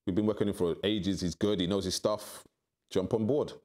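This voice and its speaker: A middle-aged man telling his story candidly in an interview, acting out quoted voices with big jumps in pitch. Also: steady tone, fairly quick, darkish tone. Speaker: interview guest.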